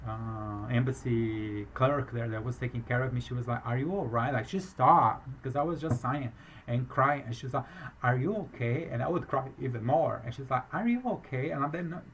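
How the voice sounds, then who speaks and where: A business owner recounting a fraud case in a rambling, halting way, with a foreign accent and many restarts. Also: male voice, medium pitch, steady tone, fairly bright tone, highs cut off, a little hiss or hum. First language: not English, speaks with a foreign accent. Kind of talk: emotional personal account.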